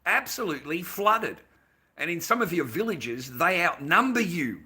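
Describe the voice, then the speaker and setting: An Australian man livestreaming, greeting chat and ranting in a rambling, heavily profane way, swinging between low mutters and loud outbursts. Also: big pitch swings, moderate pace. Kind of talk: casual ranting monologue.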